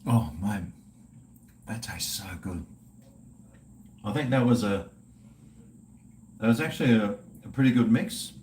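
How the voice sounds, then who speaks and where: A man's voice: fairly low pitch, lively intonation, a little slow, pauses often, a little mellow, a little hiss or hum. A middle-aged man with an Australian accent, chatting casually and profanely with livestream viewers while drinking. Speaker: livestream host.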